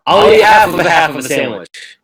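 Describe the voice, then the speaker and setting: A man chatting casually in a voice chat, with a flat, sardonic, repetitive way of talking. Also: on the high side, brisk, rough recording.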